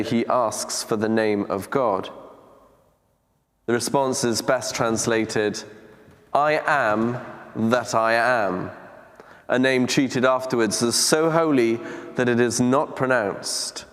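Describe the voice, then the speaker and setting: A man preaching a teaching talk on scripture in a church, speaking in a measured, deliberate way with reflective pauses. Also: medium pitch. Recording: long church reverb.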